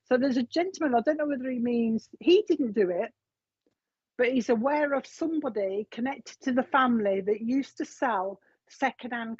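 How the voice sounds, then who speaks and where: A woman's voice: a little high, darkish tone, breathy edge, no room sound. A woman giving a live psychic reading, chatting along as she relays messages from spirit. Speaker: psychic medium. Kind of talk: live reading on a streamed show. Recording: dull, lo-fi stream audio.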